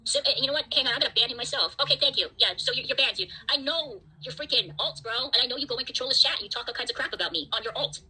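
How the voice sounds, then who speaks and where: Fast, bright, husky ranting woman. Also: high-pitched, low-quality recording. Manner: angry, profane and defiant. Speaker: livestream host. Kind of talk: ranting livestream chat.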